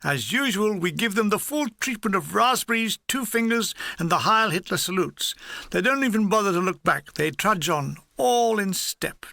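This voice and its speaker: A man reading his own war memoir aloud in a dry, wry, deadpan manner. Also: sits high, moderate pace, vocal fry, dry recording. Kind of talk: audiobook reading.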